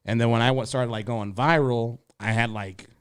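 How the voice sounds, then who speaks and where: A young adult man, a comedian guest on a podcast, telling stories in a laid-back, profane way with lots of fillers, jumping up in pitch to act out quotes. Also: fairly even intonation, normal speed, clean tone, no room sound, studio quality. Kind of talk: casual podcast storytelling.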